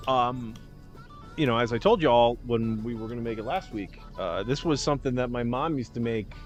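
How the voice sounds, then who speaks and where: A man hosts a laid-back cooking livestream in an easy, middle-pitched voice. He rambles and jokes at his own expense, dropping the odd swear word. Soft music plays faintly behind him. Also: normal speed, dull audio. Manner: rambling, joking and self-deprecating, with casual swearing. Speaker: livestream host. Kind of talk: casual cooking-show chat.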